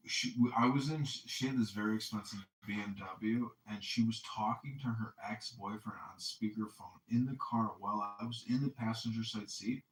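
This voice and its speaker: A man hosting a podcast and chatting casually, rambling with constant fillers and frequent swearing. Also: mid-range voice. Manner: rambling, profane, heavy on "like". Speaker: podcast host. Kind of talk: casual chat. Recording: echoey room, distant mic.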